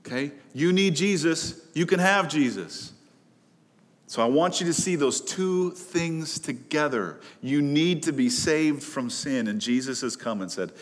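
A man pastor preaching a sermon in earnest, rising to loud pleas and dropping to hushed low lines. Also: unhurried. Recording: long reverb of a large hall.

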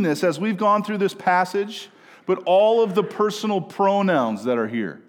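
A man in his thirties preaching a sermon as a pastor, emphatic, dropping low and then rising loud. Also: lively intonation, normal speed. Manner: emphatic preaching, swings between hushed and raised. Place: church sanctuary. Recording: church hall reverb.

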